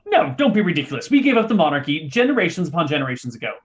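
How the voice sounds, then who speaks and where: A man's voice: on the high side, big pitch swings, racing. A man voicing a tiny male forest gnome who talks in a fussy, haughty way. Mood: indignant.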